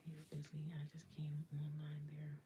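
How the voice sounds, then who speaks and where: A woman hosting a casual livestream from a small rented room, speaking in a low, mostly whispered voice so her roommates won't hear. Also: monotone, moderate pace, dark tone, slight background noise. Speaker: livestream host.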